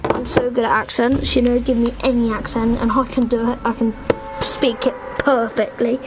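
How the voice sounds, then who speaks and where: A young woman chatting casually while playing an online game with friends, excitable and squealing at tense moments. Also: on the high side, normal speed, a little hiss or hum, rough recording. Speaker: gamer streaming with friends. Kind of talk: casual gaming chat.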